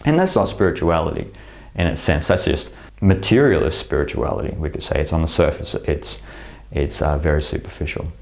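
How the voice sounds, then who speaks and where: Man, very low voice, reflective spiritual lecture, pauses and restarts. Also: creaky, darkish tone. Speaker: spiritual teacher. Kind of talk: spoken lecture to camera.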